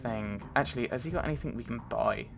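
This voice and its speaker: A let's play gamer with a fast, mid-range voice and vocal fry gives casual, rambling commentary while playing. He thinks aloud and reads the on-screen text.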